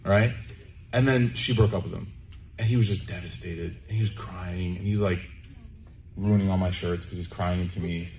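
A man's voice: sits low, fairly even intonation, moderate pace, a little mellow, slight background noise. A man giving a conversational sermon to a live audience, joking and checking in with listeners, then leading a closing prayer. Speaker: preacher.

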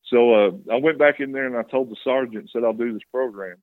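A man's voice: medium pitch, brisk. A man tells his own story with earnest, plain-spoken feeling, his voice in a middle register. The sound is thin and tinny, like a phone line, with no room echo. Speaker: guest telling his testimony. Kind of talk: candid personal testimony.

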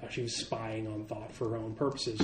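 A man narrating as game master, talking in a halting way with many fillers. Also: lowish voice, level tone. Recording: echoey room with faint hiss.

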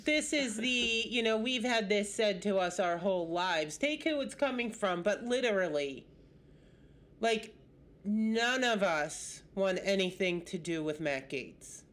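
Brief: blunt woman podcaster, mid-pitched, lively intonation, casual swearing. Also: measured pace. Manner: blunt and emphatic, swears freely. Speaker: podcast co-host. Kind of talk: casual chat.

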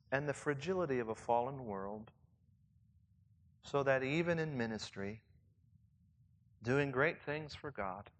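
A man leading church leaders in a conversational sermon, reflective and asking his listeners questions. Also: mid-range voice. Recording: long reverb, as in a hall.

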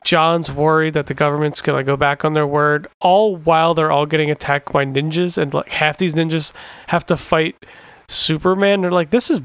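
A man co-hosting a casual podcast, excited and swearing often. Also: on the high side, moderate pace, smooth, dry recording. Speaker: podcast co-host. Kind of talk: casual chat.

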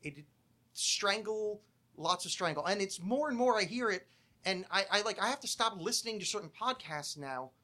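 Bright-voiced ranting man, podcast host. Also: high-pitched, animated, normal speed. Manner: profane ranting, swearing a lot, self-interrupting. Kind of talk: casual podcast chat.

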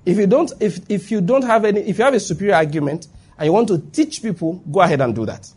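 A man's voice: sits high, lively intonation, quick pace, darkish tone, breathy edge. A man preaching a sermon to a live congregation, emphatic and repetitive, often checking that his listeners follow him.

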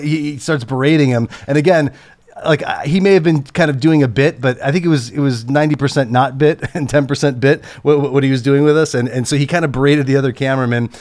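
A man working as a camera operator, telling a casual anecdote in a halting way and chuckling as he goes. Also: medium pitch, steady tone, a little mellow, no room sound. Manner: halting, chuckles through the story.

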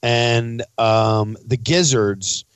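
A man who is a chef and podcast host, chatting casually and reading ads in a profane, animated storytelling way. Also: medium pitch, drawn-out words, smooth, dry recording. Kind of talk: casual chat and host-read ad.

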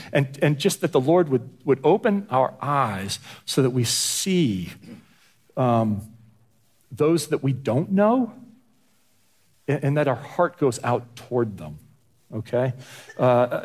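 A man's voice: medium pitch, very animated, slow pace, a little mellow, slightly rough. A man preaching a conversational sermon as pastor, often stumbling and repeating words as he talks. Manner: stammering repetitions, conversational.

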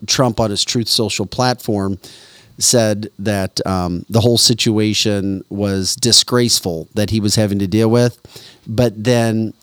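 A man's voice: lowish voice, no room sound, clean studio sound. A man hosting a podcast, giving political commentary with many "um" fillers. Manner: talks it through with many "um" fillers. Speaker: podcast host.

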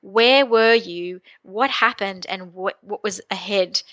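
Bright, sharp-toned woman interviewer who thoughtfully sums up her guest's words. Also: medium pitch, takes it slowly, dull audio. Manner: reflective, paraphrases and sums up the guest's story. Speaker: podcast host. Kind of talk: conversational interview.

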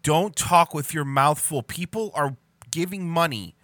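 A man's voice: fairly high pitch, a little slow, fairly bright tone, no room sound, faint music behind. A man ranting sarcastically and swearing a lot as he reacts to a video for comedy. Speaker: reaction commentator. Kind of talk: profane comedic reaction commentary.

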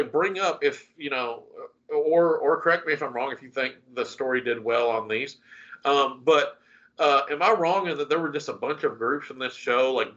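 A man's voice: mid-range voice, sharp tone. A man co-hosting a casual podcast chat, rambling and cutting himself off mid-thought. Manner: rambling, self-interrupting. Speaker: podcast co-host. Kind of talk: casual chat about a TV show. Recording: dull lo-fi recording.

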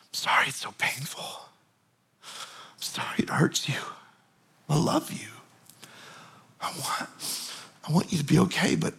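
A man voicing a gentle, compassionate Jesus who consoles mourners in a soft, hushed voice, dropping well below his own pitch. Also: gravelly, slightly rough, exaggerated voice.

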